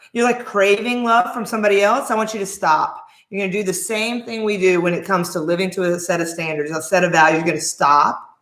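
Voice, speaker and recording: A woman's voice: mid-range voice, brisk, a bit bright. A woman in her forties, a life coach, giving an emphatic motivational talk to camera with lots of rhetorical questions. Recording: roomy echo.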